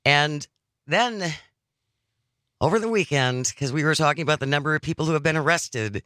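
A man hosts a talk radio show, chatting casually but earnestly and working through his argument step by step. His voice has a bright, forceful edge. The studio sound is dry and close. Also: fairly high pitch, animated, normal speed, dry recording. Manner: conversational, earnest, argues point by point.

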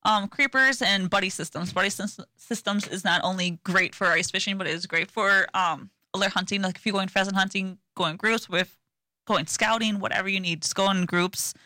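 A woman hosts a casual outdoors radio show in a chatty, giggly way, with plenty of ums. Her voice is bright and forceful. The studio sound is dry and close. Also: medium pitch, fairly quick, dry recording.

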